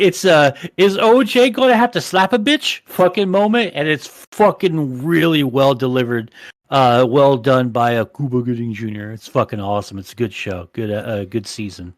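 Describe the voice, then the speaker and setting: A man's voice: mid-range voice, no echo. A man hosting a casual podcast chat, rambling and swearing constantly. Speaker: podcast host.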